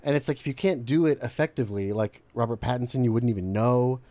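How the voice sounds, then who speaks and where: A man co-hosting a relaxed game review chat, rambling through his points with many fillers and easy laughs. His voice sits at an ordinary middle pitch. He is recorded close and dry, with no room sound. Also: quick pace, dry recording. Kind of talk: casual chat.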